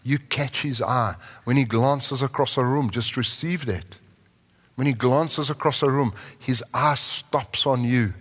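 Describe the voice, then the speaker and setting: A man preaching a sermon in a large church hall, moving between impassioned lines and soft, prayerful tones. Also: mid-range voice, unhurried, husky. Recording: long reverb of a large hall.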